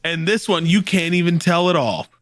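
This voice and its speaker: A podcast co-host chats easily about songs and introduces the upcoming tracks in a casual music review. His voice is on the high side at a normal speed, fairly bright, recorded at studio quality with no room sound.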